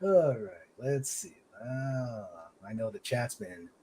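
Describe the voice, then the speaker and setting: A man's voice: medium pitch, lively intonation, slow pace, mellow, husky. A man hosting a casual podcast, reading chat comments aloud and laughing often.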